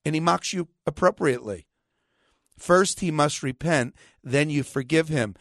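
A man with a fairly high voice preaches on a radio talk show, combative and sarcastic. He hammers points home by repeating them and quoting scripture. The sound is close and dry, like a studio microphone with no room echo. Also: creaky, fairly bright tone. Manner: quotes scripture rapidly, emphatic repetition.

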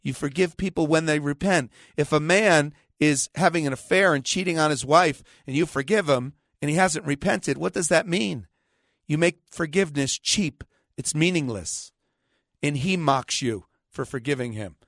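A man with a fairly high voice preaches on a radio talk show, combative and sarcastic. He hammers points home by repeating them and quoting scripture. The sound is close and dry, like a studio microphone with no room echo. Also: fairly bright tone. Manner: quotes scripture rapidly, emphatic repetition.

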